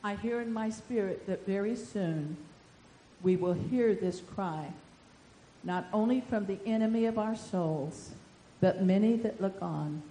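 An older woman preaching a sermon, telling the story with animation and swinging between loud and soft. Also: medium pitch, a little slow, echoey room, slight background noise, low-quality recording.

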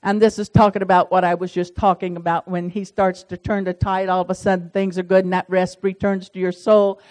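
A woman's voice: fairly low pitch, flat delivery, fairly quick, darkish tone, rough recording. A woman leading a small-group Bible study, talking in a folksy, chatty way and reading verses aloud. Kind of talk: casual Bible study teaching.

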